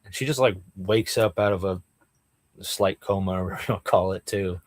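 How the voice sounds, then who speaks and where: Guy on a podcast geeking out over comics, kinda low voice, dry mic. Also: fairly quick, no room sound. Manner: enthusiastic, explains details, says "like" and "dude" often. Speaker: podcast co-host. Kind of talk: casual comic-book discussion.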